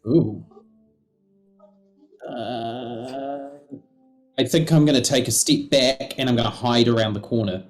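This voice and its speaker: A man plays in a tabletop game at a very unhurried pace, joking and hesitating between words. Faint music runs in the background. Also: medium pitch. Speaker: player. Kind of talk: casual tabletop play.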